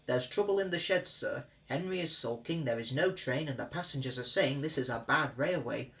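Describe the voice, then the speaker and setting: A man's voice: medium pitch, bright, forceful tone. A man voicing a worried male station master reporting trouble. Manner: worried, hurried.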